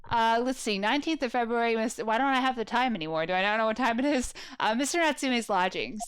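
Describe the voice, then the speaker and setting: A woman's voice: fairly high pitch, fast, few pauses, fairly bright tone, slight background noise. A young woman casually commentating a game with playful, joking asides. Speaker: let's play gamer. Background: game music.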